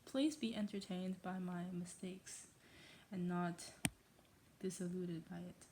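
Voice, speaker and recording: A woman's voice: fairly low pitch, steady tone, measured pace, noisy background. A woman reading a novel aloud in a put-on English accent, often stumbling over words and breaking off for self-mocking asides. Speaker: reader. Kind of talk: casual read-aloud of a novel.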